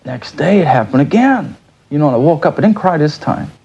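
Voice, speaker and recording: A man recounting an experience in an interview, halting and full of "you know". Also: on the high side, lively intonation, a little mellow, husky, lo-fi sound. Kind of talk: casual interview recollection.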